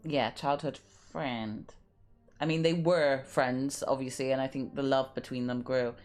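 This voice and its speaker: A woman's voice: very deep voice, steady tone, moderate pace. A woman streaming a mystery game live, thinking aloud and reading clues and letters aloud. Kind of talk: live gameplay commentary.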